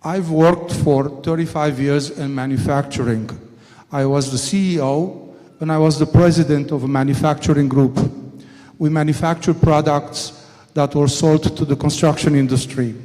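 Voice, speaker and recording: A man's voice: on the high side, mellow. An older man, a company executive, giving a storytelling talk at a summit and acting out quoted dialogue as he goes. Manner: anecdotal, acts out quoted dialogue. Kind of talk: storytelling speech. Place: conference hall. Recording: long hall reverb.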